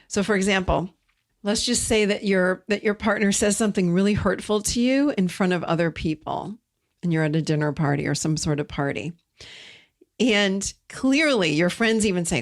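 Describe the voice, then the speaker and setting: A woman's voice: mid-range voice, moderate pace. Emphatic woman giving relationship advice. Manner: emphatic, repeats key words for stress. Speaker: podcast host.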